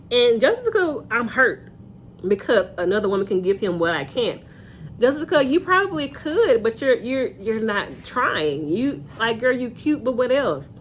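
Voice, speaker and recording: A woman's voice: mid-range voice, a little hiss or hum. A young woman giving a casual, opinionated reality TV recap straight to her viewers on a phone camera. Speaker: reality TV reviewer.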